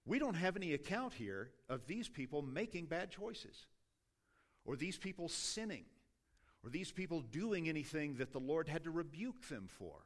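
A man's voice: on the high side, very animated, normal speed. A middle-aged man preaching a sermon in a conversational, self-deprecating way, stopping often to restart his sentences. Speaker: pastor.

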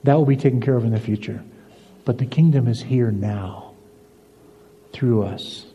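An older man preaching a sermon as pastor, telling stories and moving between emphatic lines and soft, confiding ones. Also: medium pitch, normal speed, long pauses, husky. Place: church sanctuary. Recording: dull lo-fi recording in a reverberant church hall.

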